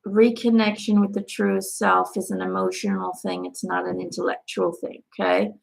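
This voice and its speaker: Gravelly, blunt woman reading angel cards. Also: fairly low pitch, flat delivery, moderate pace. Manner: casual and blunt, swears freely, laughs often. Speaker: angel card reader. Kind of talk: live card reading stream.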